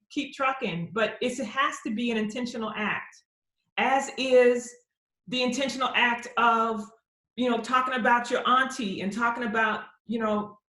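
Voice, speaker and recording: Animated woman poet on an echoey call. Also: fairly high pitch. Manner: animated storyteller acting out quoted voices. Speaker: poet answering audience questions. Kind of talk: conversational Q&A at a virtual book launch. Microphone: computer mic on a video call. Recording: roomy echo on a video call.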